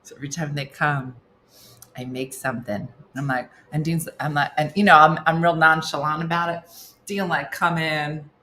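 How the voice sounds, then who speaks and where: A middle-aged woman talks her way through a recipe in her home kitchen, chatting wryly and answering comments as they come in. Her voice sits a little low, with a bright, forceful edge. She sounds relaxed and offhand, like a comedian hosting a casual morning show. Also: normal speed. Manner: chatty, wry, answers viewers' comments aloud. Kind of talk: casual comic chat while cooking.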